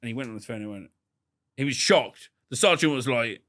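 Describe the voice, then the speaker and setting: A man's voice: mid-range voice, a little fast. A man being interviewed on a podcast, talking boastfully and crudely, swearing freely and mimicking other people's voices when he tells stories. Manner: quotes others in lively put-on voices. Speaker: podcast guest. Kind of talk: casual interview.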